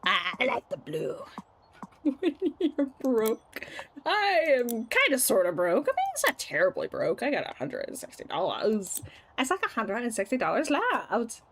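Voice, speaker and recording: A woman's voice: on the high side, wildly swooping pitch, normal speed, husky. A woman streaming a game, chatting casually, teasing and laughing often. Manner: giggly, playful, teasing. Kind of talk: casual gameplay commentary.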